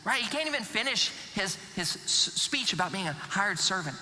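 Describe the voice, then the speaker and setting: A male pastor preaching a sermon, telling the story in a lively way and briefly voicing its characters with sarcasm. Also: extremely high pitch, normal speed, hardly any pauses. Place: church sanctuary. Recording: long church reverb.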